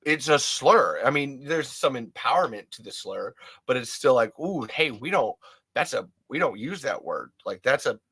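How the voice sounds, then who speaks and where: A man's voice: mid-range voice, lively intonation, normal speed, sharp tone, husky. A man hosting a podcast, talking alone in a rambling, candid way and often restarting his sentences. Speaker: podcast host. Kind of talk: casual solo monologue.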